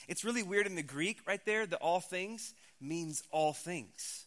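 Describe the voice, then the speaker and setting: A man's voice: high voice, unhurried, hardly any pauses, a bit bright. A man in his thirties, a pastor giving a conversational, emphatic sermon.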